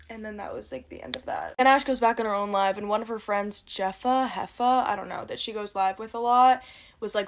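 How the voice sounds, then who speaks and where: A young woman recapping drama in a casual, fast and sarcastic gossip style, swearing freely. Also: fairly high pitch, fairly even intonation, creaky. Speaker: commentary youtuber.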